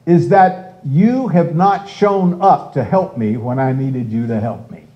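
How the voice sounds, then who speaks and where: An older man preaching a sermon slowly and emphatically, raising his voice when he quotes cries for help. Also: on the high side. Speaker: pastor. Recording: dull lo-fi sound.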